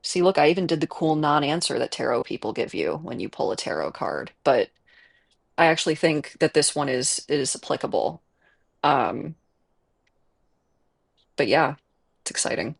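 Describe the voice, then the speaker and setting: In a sing-song, gravelly mid-range voice at a moderate pace, with frequent pauses, a Chicago-accented Midwest gamer chats on stream. He rambles, leans on fillers and laughs self-consciously. Sound is captured by earbuds and a desk microphone.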